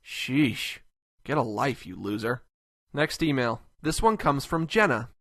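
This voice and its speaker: A man's voice: mid-range voice, very animated, measured pace, a bit bright, no room sound, studio quality. A man voicing a crude, short-tempered cartoon host who mocks everyone in an abrasive tone. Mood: scornful. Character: foul-mouthed, contemptuous cartoon man host. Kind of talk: comedic web cartoon voice acting.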